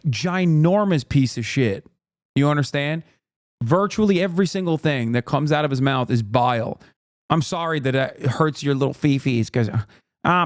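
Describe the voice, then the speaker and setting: A man's voice: medium pitch, no echo, clean studio sound. A man hosting a casual reaction stream, talking in a crude, mocking, profane way. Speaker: streamer host.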